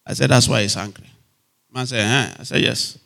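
A man's voice: mid-range voice, fairly even intonation, fairly quick, vocal fry, fairly bright tone. A man preaching a sermon, emphatic and repetitive, often checking whether his listeners are still with him. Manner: emphatic, repeats phrases, asks the audience if they are still there.

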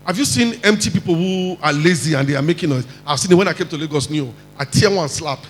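A man with a Nigerian accent preaching a lively sermon, acting out quotes and mixing in pidgin. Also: fairly high pitch, quick pace, big-room sound, soft background music, rough recording. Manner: animated, mixes in pidgin, acts out quotes.

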